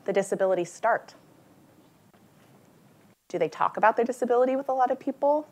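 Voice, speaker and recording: A woman's voice: mid-range voice, animated, fast, long pauses. A woman presenting live to an audience, casual and conversational, with many fillers and restarts as she speaks to the room. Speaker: forum presenter.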